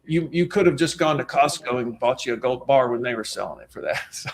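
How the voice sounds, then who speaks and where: A man's voice: medium pitch, fairly quick. A man co-hosting a webinar as a financial planner, talking in an emphatic, folksy way. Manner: emphatic, folksy, talks with his hands on a soapbox. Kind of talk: webinar presentation.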